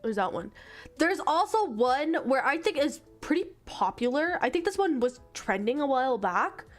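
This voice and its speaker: Exasperated young woman streamer, high voice. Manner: exasperated, animated retelling with lots of swearing. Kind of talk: casual stream chat.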